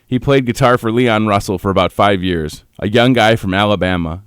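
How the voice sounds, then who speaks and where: A male radio host on his morning show, talking in a halting way and holding back tears, with pauses and restarts. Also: lowish voice, clear, resonant tone, no echo, studio quality. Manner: halting, choked up, pausing often. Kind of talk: on-air morning show tribute. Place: radio studio.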